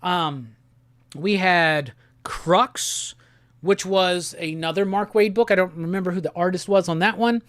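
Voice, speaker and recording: A man hosting a casual live stream. He talks in a laid-back, slangy way and reads viewer comments aloud in quick bursts. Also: sits high, fairly bright tone, no echo, clean studio sound. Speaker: livestream host. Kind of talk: casual livestream chat, reading viewer comments.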